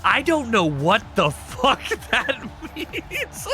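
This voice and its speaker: A man streaming live who talks to his chat in a loose, joking way, swearing freely and breaking into shouts. His voice sits high and swoops around a lot. Faint music plays under him. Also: huge pitch swings, drawn-out words. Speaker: streamer host of a wrestling show. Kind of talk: casual livestream chat with viewers.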